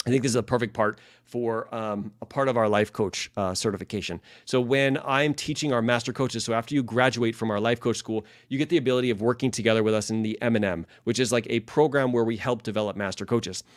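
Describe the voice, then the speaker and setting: A man's voice: medium pitch, steady tone, fast talker, hardly any pauses, no room sound, clean studio sound. A man, a leadership and life coach, teaching casually with many fillers and restarts and acting out sample phrases.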